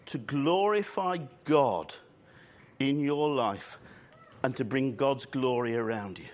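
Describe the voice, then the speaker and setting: A man preaching a sermon in church, earnest and emphatic, drawing out key words and adding quick asides. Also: sits high.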